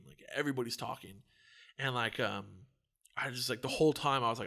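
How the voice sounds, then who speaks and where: A man's voice: medium pitch, a little fast, gravelly. An American man co-hosting a podcast, telling a story in casual chat with lots of swearing. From United States. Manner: profane, animated storyteller. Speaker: podcast co-host.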